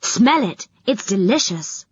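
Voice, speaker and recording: A woman voicing an eager, excitable young boy in a storybook reading, with breathless, pleading lines. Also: medium pitch, takes it slowly, slight background noise. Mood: excited. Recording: dull lo-fi audiobook recording.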